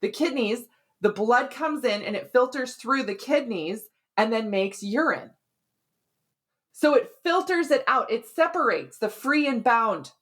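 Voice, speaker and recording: A woman's voice: on the high side, animated, a little slow, a bit bright. A woman hosting a health podcast as a hormone expert, explaining in a chatty, conversational way and often checking in with "right?".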